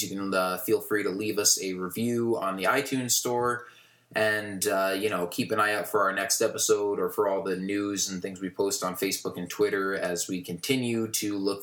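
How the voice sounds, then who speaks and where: A man co-hosts a fan podcast, talking casually and rambling with fillers. His voice sits very low. The room lends it a roomy echo. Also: fairly bright tone. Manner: rambling, many fillers and restarts. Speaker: podcast co-host.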